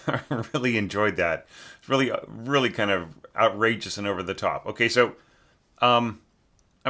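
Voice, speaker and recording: Man, lowish voice, bright tone, casual score critique, restarts often, asks "right?" a lot. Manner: thinks aloud, many fillers and restarts, tag questions; sings rhythms to demonstrate. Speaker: orchestration teacher evaluating student scores.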